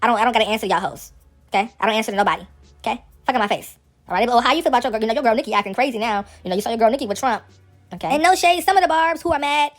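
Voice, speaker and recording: A woman hosting casual celebrity gossip commentary, sassy, slangy and animated. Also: on the high side, racing, soft background music.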